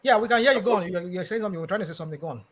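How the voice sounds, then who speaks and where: Fast, pushy male panel host. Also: high-pitched, a crowd in the background. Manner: challenging, pushy, rapid questions. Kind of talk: heated panel discussion.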